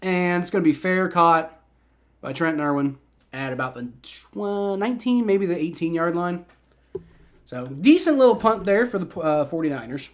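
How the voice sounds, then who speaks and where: A man in his twenties hosts a livestream, his voice sitting high and animated at a normal pace. He mixes live play-by-play with casual reactions to chat, rambling along with repeated words and fillers.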